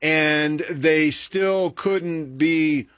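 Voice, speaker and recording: A man co-hosting a sports talk show, joking wryly in a lively, animated way. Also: on the high side, drawn-out words, dry recording. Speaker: sports radio co-host.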